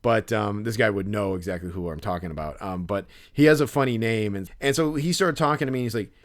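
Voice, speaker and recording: A man's voice: on the low side, fast. Rambling male podcast host. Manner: rambling, many fillers and restarts. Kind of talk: casual storytelling.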